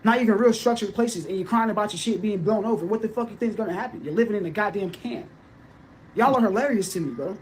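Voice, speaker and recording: An angry speaker rants in a played clip, hurling insults and curses. The voice sits at a middle pitch. A faint noise runs behind it. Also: quick pace. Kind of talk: casual rant.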